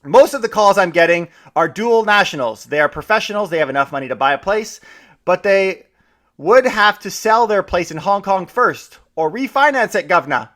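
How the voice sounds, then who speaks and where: A man's voice: high-pitched, lively intonation, normal speed, pushed and bright. A playful mock Londoner, as a man puts it on. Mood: mock posh. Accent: put-on London accent. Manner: playful, exaggerated, self-mocking. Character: mock posh Londoner, adult man, jokey.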